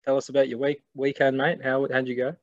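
Aussie bloke hosting a footy podcast, easygoing matey chat, middle pitch. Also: male voice, quick pace, highs cut off. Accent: Australian. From Queensland. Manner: relaxed, matey banter. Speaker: podcast host. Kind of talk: casual sports podcast chat.

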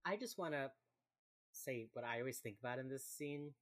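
Very low-voiced chatty young woman. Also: animated, normal speed. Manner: chatty, laughs often, acts out quoted lines. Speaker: podcast co-host recapping a TV episode. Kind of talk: casual chat.

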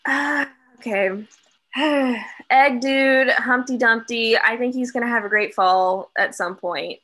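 A woman's voice: on the high side, slow, pushed and bright. A young woman co-hosting a book podcast, casually recapping a novel with lots of swearing and laughter. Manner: profane, giggly, dramatic recapping. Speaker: podcast co-host.

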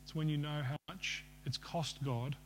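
A man with a fairly high-pitched voice preaches to his congregation. He asks them questions and ends by leading a prayer. A faint hum sits under the recording. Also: fairly even intonation, normal speed. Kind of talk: sermon.

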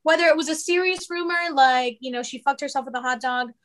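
A woman's voice: high voice, quick pace, a bit bright. A woman in her twenties hosting a casual chat, laughing often and swearing freely.

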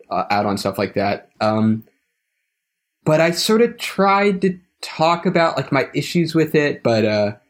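A young man telling a story as a podcast guest, hesitant, with frequent restarts and trailing phrases. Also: medium pitch. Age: young adult. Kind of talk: casual conversational storytelling.

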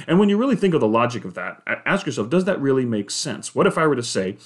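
Guy talking through faith vs science, steady and explaining, little uhs here and there. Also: mid-range voice. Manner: measured, explanatory, with occasional filler "uh". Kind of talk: reflective monologue on faith and science.

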